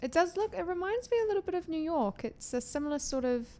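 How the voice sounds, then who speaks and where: A woman's voice: extremely high pitch, animated, fast, a little mellow. A woman with a New Zealand accent, chatting playfully as co-host of a casual podcast.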